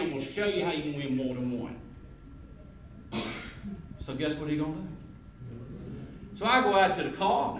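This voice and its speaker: A high-pitched man coaches a room full of salespeople, firing questions at the crowd and acting out pitches. His voice rings around a roomy hall over faint background noise. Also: distant mic. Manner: animated, quizzes the audience, acts out sales pitches. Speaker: sales trainer. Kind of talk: sales rally talk to a live audience.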